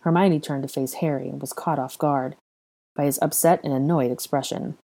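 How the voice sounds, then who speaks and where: Low-voiced woman reading a story aloud. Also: fairly even intonation, normal speed, warm tone. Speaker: reader. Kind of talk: audiobook reading of fan fiction.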